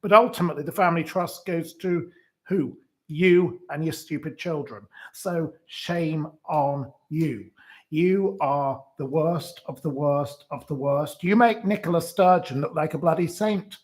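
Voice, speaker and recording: A man's voice: on the high side, normal speed. A man hosting solo commentary on the news. He reads out quotes, rebuts them and heaps indignant, scornful insults on their author. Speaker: host.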